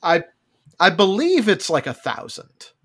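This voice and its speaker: A wry man talks through a movie's plot in casual podcast chat. His somewhat high voice swings up and down with animation. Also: a little slow. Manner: lively, wry, laughs between points. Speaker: podcast co-host.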